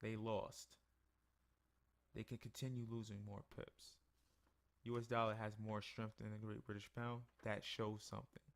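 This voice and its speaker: A sleepy man with a gravelly, somewhat low voice walks through his trading charts in a loose, conversational way. He sounds worn out after a long day. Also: moderate pace. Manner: tired, yawning, relaxed and conversational. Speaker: forex trading analyst. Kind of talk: casual screen-share market review.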